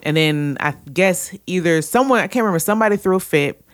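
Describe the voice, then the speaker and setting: Female co-host, lively storyteller in relaxed chat. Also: lowish voice, fast talker. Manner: animated storyteller, acts out quotes with laughs. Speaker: podcast co-host. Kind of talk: casual chat.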